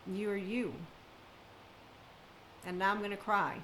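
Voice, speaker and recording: A woman's voice: mid-range voice, little pitch movement, takes it slowly, fairly bright tone, slight background noise, low-quality recording. A woman speaking as a spiritual self-help speaker, talking emphatically in long run-on sentences in an unscripted monologue.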